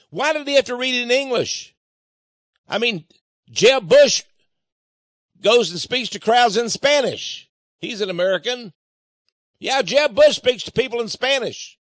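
A man hosting a radio program, ranting sarcastically and swinging between loud outbursts and low mutters. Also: no echo.

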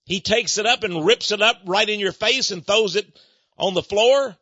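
A man preaching a radio sermon as host, telling stories and swinging between soft narration and fervent exhortation. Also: high-pitched, moderate pace, no echo, muffled recording.

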